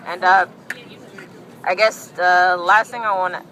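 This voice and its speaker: Bright-voiced woman organizer at a street rally. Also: on the low side, fairly even intonation, measured pace, a little hiss or hum, poor audio. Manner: rambling, many fillers. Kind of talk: speaking at an outdoor rally.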